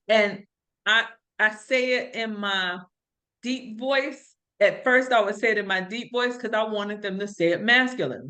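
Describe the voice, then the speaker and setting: A woman's voice: mid-range voice, unhurried, pushed and bright. A middle-aged woman hosting a podcast, telling stories in an earnest, reflective way in casual conversation. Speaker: podcast host.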